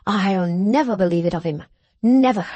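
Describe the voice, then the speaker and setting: A woman's voice: mid-range voice, normal speed, mellow, no echo, lo-fi sound, natural voice. A woman doing an oily, fawning male lawyer. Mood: indignant. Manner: unctuous, overly polite, dramatic protests.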